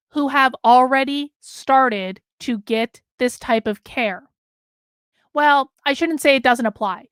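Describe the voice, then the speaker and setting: Hoarse high-voiced woman streamer. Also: slow, dry recording, clean studio sound. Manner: emphatic, talks with her hands. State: losing her voice. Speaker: host. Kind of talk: live-streamed commentary with chat.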